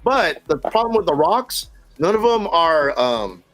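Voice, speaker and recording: A middle-aged man casually telling a story from work, animated, laughing often and acting out what people said. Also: on the high side, measured pace, no room sound, faint music behind.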